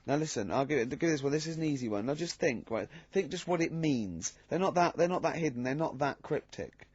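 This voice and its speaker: A man hosting a radio talk show in a studio, halting and teasing, breaking into high laughter. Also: animated, a little mellow, breathy edge, no room sound. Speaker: radio host. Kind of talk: casual radio banter. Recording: dull lo-fi radio recording, dry.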